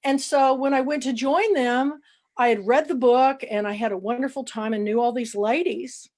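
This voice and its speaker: A woman in her sixties, an interview guest, telling lively anecdotes and acting out what people said. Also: high voice, normal speed. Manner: lively anecdotal storyteller, acts out quoted dialogue. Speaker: author and book club founder, interview guest. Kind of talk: casual storytelling interview.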